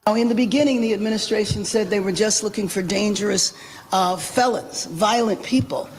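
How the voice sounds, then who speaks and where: A woman in a played news clip, speaking in a slow, measured public statement. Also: medium pitch, slight background noise, poor audio.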